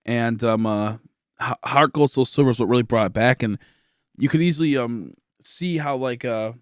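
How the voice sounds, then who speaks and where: Hosting a livestream, this young man from Michigan, USA, sounds tired as he chats casually, rambling with plenty of fillers and false starts. He has a mid-range, clear, resonant voice at a moderate pace, captured at studio quality with no echo.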